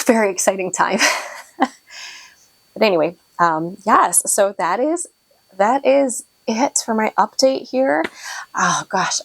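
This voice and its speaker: A woman's voice: lowish voice, vocal fry, husky, dry recording, low-quality recording. A woman hosting a knitting podcast, talking in a rambling, emotional way with lots of fillers. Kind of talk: casual vlog update.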